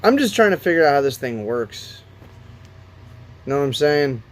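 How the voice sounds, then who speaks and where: A man with a slightly high, sing-song voice talks at normal speed during a casual phone live-stream, muttering in frustration to himself and to chat as he fiddles with the app's settings.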